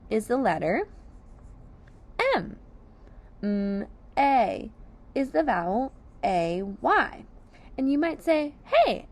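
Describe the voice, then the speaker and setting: A woman teacher walks young children through sight words and compound words, stretching each sound out very slowly and clearly. Her pitch sits a little high and swings widely as she praises and encourages. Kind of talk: sight word and phonics lesson for young children.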